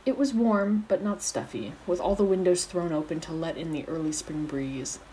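Low-voiced woman narrating a story. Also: normal speed, mellow, slight background noise, low-quality recording. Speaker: narrator, audiobook reader. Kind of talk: fan fiction audiobook narration.

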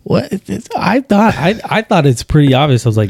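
Podcast co-host, man in his 30s, gravelly and mellow, dry close sound, acts out quotes. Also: on the high side, fairly quick, dry recording. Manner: animated storyteller, acts out quotes. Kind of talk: casual chat.

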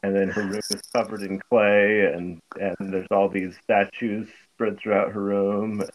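A man guest on a book podcast, speaking thoughtfully with many pauses and ums. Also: on the low side, level tone. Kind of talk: casual book club chat. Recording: dull lo-fi sound.

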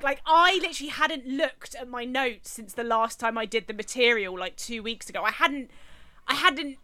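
A woman co-hosting a podcast, telling a story in casual chat with an animated, indignant manner. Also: a little high, normal speed. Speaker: podcast co-host.

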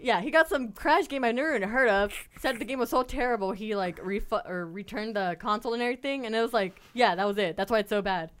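A woman's voice: fairly high pitch, fast talker, few pauses, fairly bright tone. A young woman co-hosting a casual podcast chat, telling stories animatedly and laughing often. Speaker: podcast co-host.

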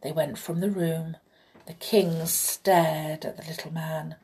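A woman narrating a storybook read-aloud in an expressive, deliberate way. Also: low-pitched, husky, rough recording.

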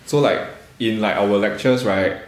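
A man's voice: lowish voice, normal speed. A young man from Singapore with a Singaporean English accent, chatting casually on a podcast in a rambling way, with many fillers and restarts and blunt swearing. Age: young adult. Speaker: podcast co-host. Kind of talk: casual chat. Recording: echoey room.

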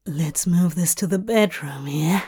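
A woman's voice: on the low side, measured pace, dark tone, husky, pitched below the performer's own voice. A woman voicing a desperate, aroused man who pleads between shaky breaths, in whispered role-play. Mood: playful.

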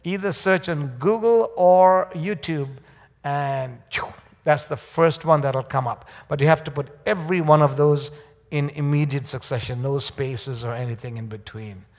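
A man's voice: a little high, unhurried, a little mellow. A man, speaking as a guest preacher to a church congregation, rambling with many fillers and restarts. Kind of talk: church sermon. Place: church sanctuary. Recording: church hall reverb.

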